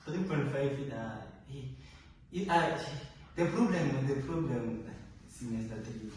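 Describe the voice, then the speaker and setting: A man's voice: medium pitch, a little slow, a little hiss or hum. A young man, a medical student talking casually with lots of exclamations. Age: young adult. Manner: exclamatory, animated casual talk. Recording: echoey room, distant mic.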